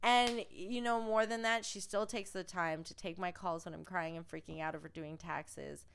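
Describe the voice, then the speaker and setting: A woman's voice: on the low side, steady tone, moderate pace, creaky, noisy background. Gushing chatty woman podcast host. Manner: gushing, chatty, laughs often. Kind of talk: casual podcast chat. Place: podcast studio.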